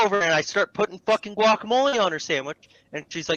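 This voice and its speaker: Profane, animated young man ranting. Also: fast, no room sound, dull audio. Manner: animated, profane, mimics customers in a low mocking voice. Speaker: storyteller among friends. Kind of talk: casual ranting story.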